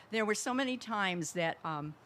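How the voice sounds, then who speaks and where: A woman's voice: mid-range voice, lively intonation, unhurried, a bit bright, a little hiss or hum. A woman speaking at a memorial service, remembering a friend in a reflective, rambling way with fond laughs. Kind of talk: personal eulogy.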